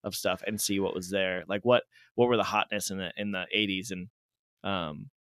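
A man's voice: low voice, steady tone, moderate pace, fairly bright tone, clean tone, no echo, clean studio sound. Rambling, joking man co-hosting a podcast. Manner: self-deprecating. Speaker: podcast co-host. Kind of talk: casual podcast chat.

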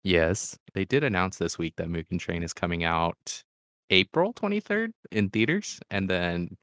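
A man co-hosts a casual podcast in an easygoing way. His voice sits very low. The recording is close and dry. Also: animated, normal speed, fairly bright tone, dry recording. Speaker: podcast co-host.

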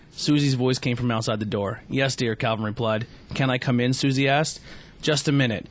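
A young adult man, a podcast host, casually reading a fan story aloud on his show, stumbling often and restarting lines. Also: medium pitch. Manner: stumbling read-aloud with frequent restarts and fillers.

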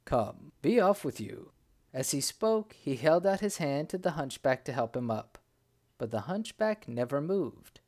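Unhurried and slightly high-voiced, a man narrates a folk tale with spirit, dramatizing the cries of its characters.

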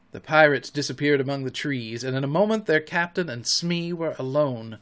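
A man narrating a children's classic in an audiobook, with an expressive storybook reading. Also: a little high, moderate pace, few pauses.

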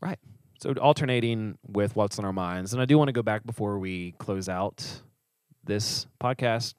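A man's voice: lowish voice, moderate pace, clear, resonant tone, no echo, studio quality. A man co-hosting a casual podcast as a church leader, telling stories animatedly and acting out the voices of the people in them. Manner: animated storyteller who acts out quoted voices.

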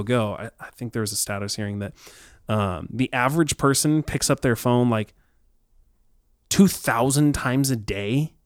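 A man co-hosting a casual faith discussion, talking reflectively with many pauses and ums. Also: medium pitch, dry recording, clean studio sound.

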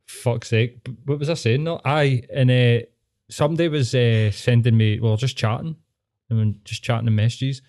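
A man's voice: medium pitch, fairly even intonation, normal speed, a little mellow. A man on a podcast with sweary, giggly banter. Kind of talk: casual podcast chat.

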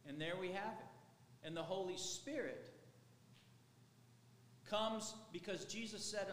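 A man's voice: a little high, measured pace, long pauses, a bit bright, slight background noise. A man, a pastor, preaching a sermon in a conversational, rambling way. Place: church sanctuary. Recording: echoey hall with faint ambience.

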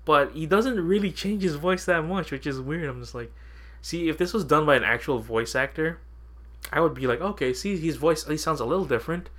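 A man's voice: fairly high pitch, fairly quick, a bit bright. A man co-hosting a podcast in casual chat, rambling and laughing often as he quotes his own reactions. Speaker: podcast co-host.

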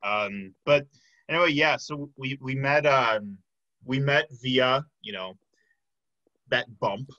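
A man hosting a podcast in casual chat, hesitant, with lots of fillers, trailing off softly. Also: medium pitch, takes it slowly, no room sound, lo-fi sound. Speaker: podcast host.

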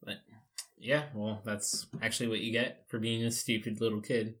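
A man hosting a casual podcast, relaxed and joking, with plenty of slang. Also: fairly low pitch, moderate pace. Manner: laid-back, laughs often, casual slang. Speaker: podcast host.

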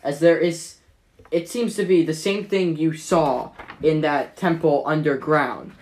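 Narrating a tabletop session in a medium-pitched, somewhat dark voice, this game master meanders, frequently pausing and starting over.

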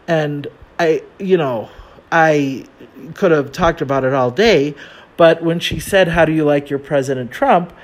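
American man, casual storytelling, self-mocking, filler-heavy, slightly high-pitched voice. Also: a little slow. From United States. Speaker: travel storyteller.

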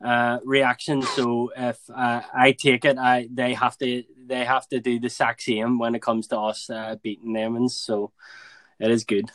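A man's voice: medium pitch, completely flat delivery, a little slow, fairly bright tone, dry recording. A man chatting casually as a podcast guest, easygoing, with frequent laughs and fillers. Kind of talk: casual chat.

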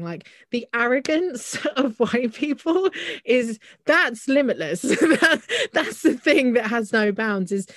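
A woman's voice: a little high, animated, takes it slowly, fairly bright tone, no echo, clean studio sound. A woman co-hosting a casual podcast chat, heated and full of restarts and "like". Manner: heated, talks in restarts with frequent "like". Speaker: podcast co-host.

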